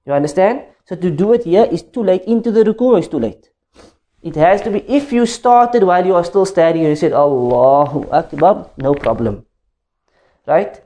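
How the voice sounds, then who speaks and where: A man's voice: high voice, lively intonation, moderate pace, mellow. A man teaching a class on the rules of prayer, explaining step by step and often checking that students follow. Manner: demonstrates chanted phrases. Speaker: Islamic teacher.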